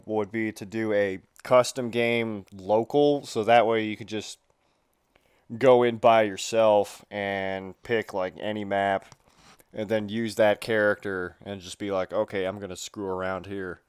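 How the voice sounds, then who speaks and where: Low, smooth-voiced man chatting. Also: no room sound, clean studio sound. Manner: laughing, rambling explanations. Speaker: podcast co-host. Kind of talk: casual gaming chat.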